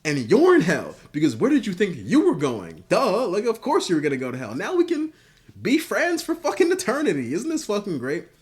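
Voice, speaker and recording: A man voicing a smug, gleeful supervillain, taunting in a high, sing-song way. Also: huge pitch swings, brisk. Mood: gloating.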